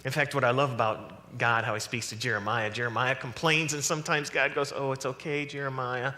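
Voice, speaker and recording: A man preaching a sermon as pastor, animated and conversational, acting out quoted voices as he goes. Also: mid-range voice, brisk, in a large hall. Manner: animated preaching, acts out voices of God and the prophets. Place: church sanctuary.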